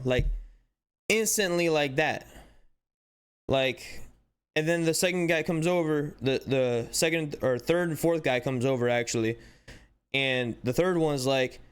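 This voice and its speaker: Smooth-voiced man, exasperated sports commentary. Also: fairly high pitch, a little slow. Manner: animated and exasperated, rhetorical questions, frequent "like". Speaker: sports channel host. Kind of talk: casual commentary breaking down footage.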